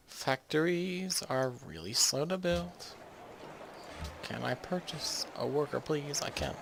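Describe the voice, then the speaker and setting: Man, gravelly, mid-pitched, casual rambling gaming commentator with a faint background hiss. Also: animated, slow, pauses often, a bit bright. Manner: rambling, jokey, trails off mid-sentence. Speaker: gaming video host. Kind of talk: casual strategy-game commentary.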